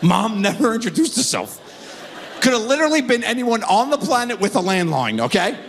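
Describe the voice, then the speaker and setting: Animated middle-aged comedian on stage. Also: male voice, high voice, fairly quick. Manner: animated, with wild swings into voices. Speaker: stand-up comedian. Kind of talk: stand-up storytelling. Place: comedy stage before a live audience. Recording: long hall reverb, faint room noise.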